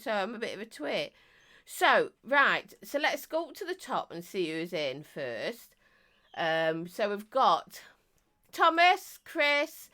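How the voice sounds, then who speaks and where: A croaky woman chatting casually on a live stream, reviewing vapes and greeting viewers in a chatty, self-mocking way. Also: sits high, bright, forceful tone.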